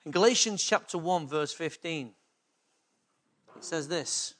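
A man's voice: fairly high pitch, measured pace, a bit bright. A man preaching a sermon as pastor, often putting rhetorical questions to the congregation.

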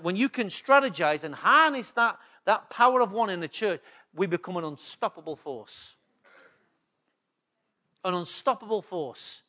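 A man's voice: high voice, pushed and bright. A man preaching a sermon as pastor, often putting rhetorical questions to the congregation.

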